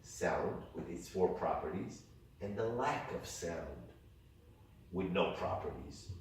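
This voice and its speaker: A man with a low voice leads a music ear training class and sings rhythms on "ta" for the students to copy. He is heard from across an echoey room, with faint noise behind him. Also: expressive, slow pace, far from the mic. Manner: coaxing, demonstrates rhythms by singing "ta". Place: workshop room. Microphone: distant room mic. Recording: echoey room, picked up from afar.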